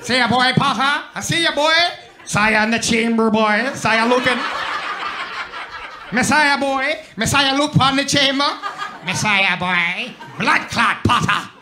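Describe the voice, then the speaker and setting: A man acting out a teasing Jamaican boy from his old block, loud, sing-song taunts in a Jamaican accent. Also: very high voice, measured pace, noisy background, pitched above the performer's own voice. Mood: mocking.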